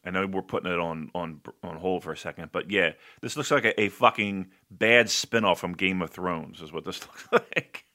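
A man's voice: low voice, moderate pace, hardly any pauses, pushed and bright. A man hosting a casual podcast chat, loose and joking, who swears freely and laughs often. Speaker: podcast host.

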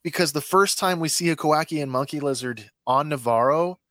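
A man's voice: on the high side, brisk, fairly bright tone, dry recording. A man co-hosting a podcast, chatty and casual, restarting sentences and reacting with jokes. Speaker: podcast co-host. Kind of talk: casual chat.

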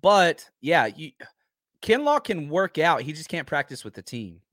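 A man in his thirties hosting a casual live stream from home, animated and repeating himself as he reads out chat comments. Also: a little high, measured pace, dry recording, studio quality.

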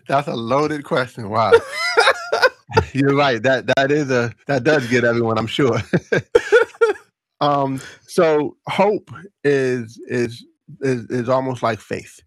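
A man's voice: medium pitch, unhurried, dry recording. A man who is a guest on an interview podcast, talking earnestly, stumbling and repeating words and laughing easily. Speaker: guest, entrepreneur. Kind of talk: interview conversation.

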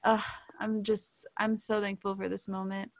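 A woman hosting a podcast interview who speaks in an effusive, animated way. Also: medium pitch, moderate pace, dry recording. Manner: effusive, warm praise, animated. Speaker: podcast host. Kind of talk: casual interview chat.

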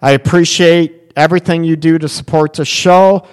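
A man's voice: on the high side, steady tone, normal speed, smooth, long reverb tail. A man hosting a relationship radio show, talking bluntly in a rambling, casual way full of fillers.

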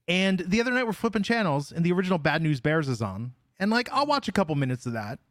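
A man's voice: sits high, very animated, fast talker, no room sound. A man hosting a casual podcast, telling stories with a wry, dry manner. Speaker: podcast host.

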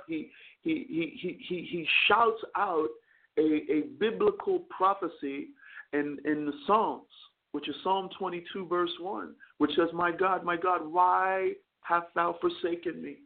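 A man's voice: high voice, gravelly. A male chaplain hosting a call-in radio show, preaching earnestly and often stammering over repeated words. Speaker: chaplain and talk radio host. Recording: narrow phone-line broadcast sound.

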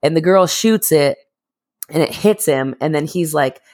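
Low-voiced woman, profane casual chat. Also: a little slow, no room sound, clean studio sound. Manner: profane, animated storytelling. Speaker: podcast co-host.

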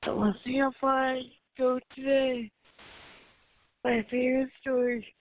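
A woman hosting a show who reads a children's story aloud slowly, stumbling and correcting herself. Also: sits high, steady tone. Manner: slow, halting reading with self-corrections. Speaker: host and story reader. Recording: tinny phone-like sound.

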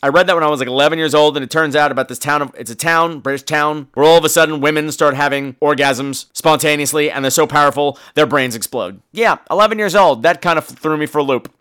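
A man's voice: on the high side, fast, few pauses, a bit bright, smooth. A man hosting a podcast, giving a campy, gossipy recap of a horror movie and acting out the characters' lines in voices. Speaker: podcast host.

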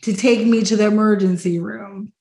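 A woman hosting a podcast, chatting casually and telling stories with lively acted-out quotes. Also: mid-range voice, moderate pace, vocal fry, reverberant, low-quality recording. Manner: animated storyteller, acts out quotes. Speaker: podcast host. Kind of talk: casual chat.

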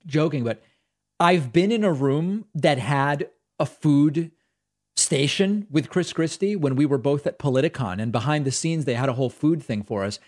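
A man's voice: on the high side, darkish tone. A man hosting a political talk show, giving opinionated commentary in a sarcastic, conversational way with loose asides.

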